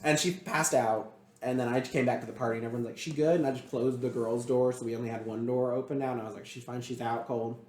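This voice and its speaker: A man's voice: medium pitch, steady tone, fast, a little mellow, roomy sound. A young man co-hosting a podcast, telling a story in a rambling, exasperated way with many fillers. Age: young adult. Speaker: podcast co-host. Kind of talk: casual storytelling chat.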